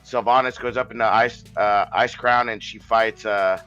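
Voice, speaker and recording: A man recounts a personal story in loose, casual podcast talk, full of restarts and swearing. His voice is bright and forward. The recording sounds slightly dull, with faint music underneath. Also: lowish voice, steady tone, moderate pace. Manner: rambling, profane, with many restarts.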